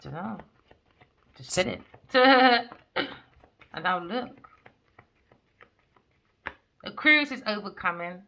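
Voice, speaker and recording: A woman's voice: medium pitch, lively intonation, slow, vocal fry, long pauses, bright, forceful tone, dull audio. A woman giving a casual tarot reading, talking bluntly and animatedly and swearing freely. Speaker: tarot reader.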